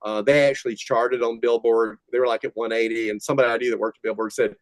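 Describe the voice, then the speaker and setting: A man's voice: mid-range voice, fast talker, no echo. Older man telling rowdy band stories. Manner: rambling, laughing, animated retelling. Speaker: guest, metal musician. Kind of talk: casual storytelling interview.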